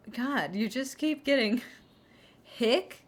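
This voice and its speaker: A woman's voice: mid-range voice, a little slow. Rambling, sarcastic woman streamer. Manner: rambling, sarcastic, heavy on fillers. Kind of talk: casual chat on a livestream.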